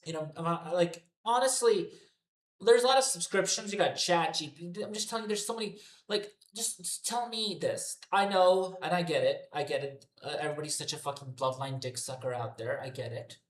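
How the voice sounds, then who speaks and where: Male streamer, foul-mouthed rant, slightly high voice, roomy echo. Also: fairly quick. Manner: profane, ranting, repetitive. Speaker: wrestling commentary streamer. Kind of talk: unscripted rant to a live chat. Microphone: headphones on.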